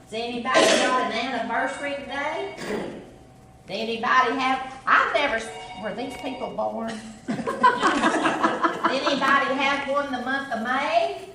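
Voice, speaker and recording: A middle-aged woman with an East Tennessee country accent, working as a comic impersonator, performs folksy stand-up stories for a live audience and laughs along at her own material. She speaks high at a moderate pace with frequent pauses, in a distant, echoey recording heavy with background noise.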